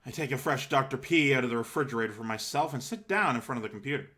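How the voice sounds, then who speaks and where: A man's voice: mid-range voice, very fast, bright, forceful tone. A man hosting a game playthrough, reading text aloud with rambling, self-deprecating asides, a bit out of breath. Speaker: let's play host. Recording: game music playing behind.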